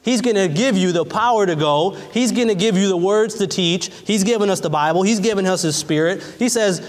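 A man's voice: high-pitched, fairly quick, hardly any pauses. A man preaching a sermon with fervent, repetitive phrasing and casual asides, recorded in a church. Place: church in a large hall. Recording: long church hall reverb.

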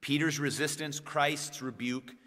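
A man delivering a sermon, pausing on slowed, stressed phrases and climbing into emphatic bursts. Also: a little high, steady tone, sharp tone. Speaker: preacher. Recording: long reverb of a church hall.

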